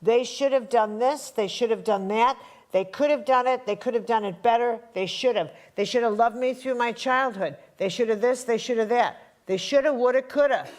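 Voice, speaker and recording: A woman's voice: fairly high pitch, moderate pace, darkish tone. A woman from the Chicago area teaching a live spiritual workshop to an audience. She talks bluntly and repeats her lines for punch.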